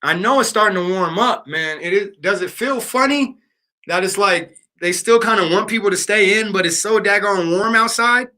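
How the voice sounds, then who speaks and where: A man's voice: high-pitched, moderate pace, pushed and bright. A man hosting a live stream, chatting casually and playfully with his viewers in slangy talk. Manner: playful, slangy, talks to the chat. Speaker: livestream host.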